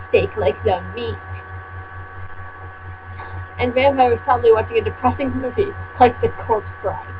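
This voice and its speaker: A woman reading a story aloud and mocking it with sarcastic, deadpan asides, recorded at home with a steady mains hum behind her. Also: fairly high pitch, dull audio. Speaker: fan fiction reader and commentator. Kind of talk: comedic reading with commentary.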